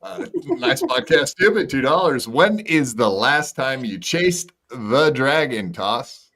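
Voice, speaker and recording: A man's voice: mid-range voice, lively intonation, slow, pushed and bright. A man on a podcast, needling his guest with crude, mocking jokes. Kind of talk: casual crude banter.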